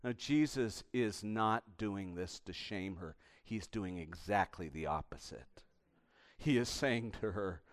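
A man, a pastor, preaches a sermon animatedly, swinging between emphatic bursts and hushed, intimate appeals. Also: lowish voice, takes it slowly.

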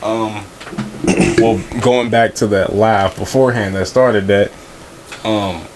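A man's voice: fairly low pitch, fairly even intonation, slow, heavy background noise. A man in casual podcast chat who mostly answers with short replies and asks questions. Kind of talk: casual hip-hop discussion.

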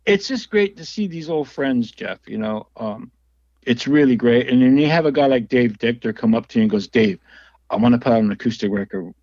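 A man's voice: mid-range voice, lively intonation, a little fast, a little mellow, no room sound, lo-fi sound. A man telling rambling stories as a music interview guest, with frequent laughs and restarts. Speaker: guest musician and label owner. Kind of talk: casual storytelling interview.

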